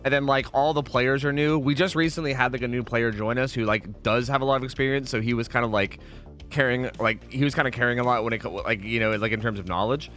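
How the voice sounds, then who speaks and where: A man's voice: medium pitch, fairly even intonation, fast, fairly bright tone, faint music behind. A man hosting a casual livestream who swears a lot, rambles, and keeps thanking subscribers.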